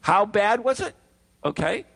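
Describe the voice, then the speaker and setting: A man co-hosts a casual chat show, rambling, teasing, and often tripping over his words. His voice sits high and a bit bright, with creak and big pitch swings at a measured pace, and it breaks up over an online call.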